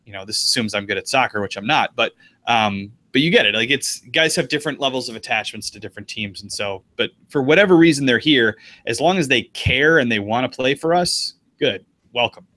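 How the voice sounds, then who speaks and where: A man's voice: medium pitch, a little fast, bright, forceful tone, no room sound. A man from the United States co-hosting a casual sports chat, rambling loosely with lots of fillers. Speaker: podcast co-host.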